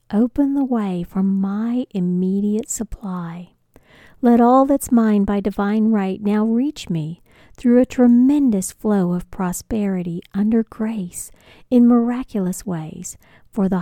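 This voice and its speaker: A woman spiritual teacher leading a guided prosperity affirmation, speaking softly and often slipping into a breathy whisper. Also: mid-range voice, dry recording, clean studio sound. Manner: slow, soft, often breathy whispered delivery.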